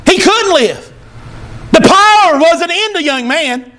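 A male pastor preaching a sermon in church, emphatic and teary, repeating short phrases and building to shouts. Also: very high-pitched, expressive, takes it slowly. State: teary, emotional.

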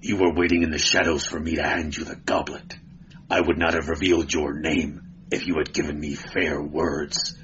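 A man's voice: a bass voice, fairly bright tone, muffled recording, a little hiss or hum, voice pushed down. A man voicing a surly barbarian thief who snarls with contempt.

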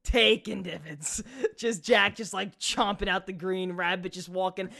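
Male podcast co-host, crude and jokey, bright cutting tone over a call. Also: high voice, fairly even intonation, normal speed. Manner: rowdy, profane, jokey. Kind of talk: casual podcast banter. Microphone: video call.

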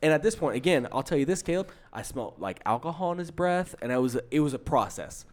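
A young man co-hosting a podcast, telling an exasperated story in a casual, animated way, full of fillers. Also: on the high side, quick pace. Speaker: podcast co-host.

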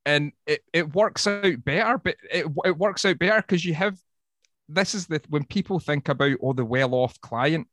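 A man's voice: a little high, moderate pace, no echo, studio quality. A Scottish man, a woodworker, talking bluntly and swearing a lot in a casual podcast chat. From Scotland. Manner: sweary, blunt, animated storytelling. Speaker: woodworker guest.

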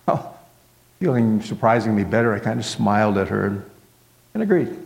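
A man's voice: lowish voice, expressive, moderate pace, gravelly. A male pastor telling a story in a sermon, in a folksy way that fills it with "well" and "kinda". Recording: long hall reverb.

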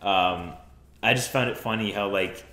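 A man's voice: lowish voice, moderate pace, sharp tone. A man co-hosting a casual film podcast, laid-back with short reactions. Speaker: podcast co-host. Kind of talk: casual film-review chat. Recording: roomy echo.

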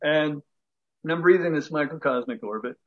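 A middle-aged man tells a story in a relaxed interview, his voice sitting a little high. He laughs often and slips into the voices of the people in his story. The audio sounds dull and lo-fi. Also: normal speed. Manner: chatty, laughs between lines, acts out quoted voices. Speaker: guest breathwork teacher.

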